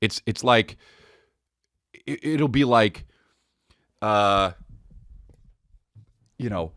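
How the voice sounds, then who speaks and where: A man hosting a podcast, telling a rambling, excitable comedic story with frequent swearing and asides. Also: fairly low pitch, extremely slow, no echo, clean studio sound. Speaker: podcast host. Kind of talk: casual comedic monologue.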